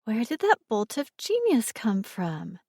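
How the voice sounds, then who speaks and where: Kadın seslendiriyor nazik genç bakıcı kadın, şarkı söyler gibi, yumuşak, kuru ses. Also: female voice, a little high, huge pitch swings, measured pace, no echo, studio quality, full character voice. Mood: gentle. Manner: soft, sing-song coaxing. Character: kind young woman caring for a child.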